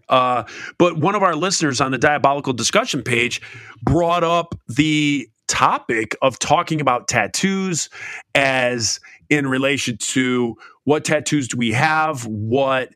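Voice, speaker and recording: A middle-aged man co-hosts a podcast in loose, rambling chat and pokes fun at the show. His voice is bright and forceful. The sound is dry and close. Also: medium pitch, no room sound. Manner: rambling, self-deprecating, breaks into silly put-on accents. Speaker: podcast co-host. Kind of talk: casual chat.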